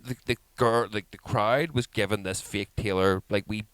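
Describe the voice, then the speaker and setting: Man, lowish voice, dry close sound, animated, swears a lot. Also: normal speed, clean tone, dry recording, poor audio. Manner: animated storyteller, swears a lot, acts out quotes in high voices. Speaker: podcast co-host. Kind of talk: casual chat.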